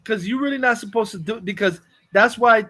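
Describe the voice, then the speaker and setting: High-voiced man swearing in casual chat. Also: bright, forceful tone, no room sound. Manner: laid-back, swearing, quick agreeing replies. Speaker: podcast co-host.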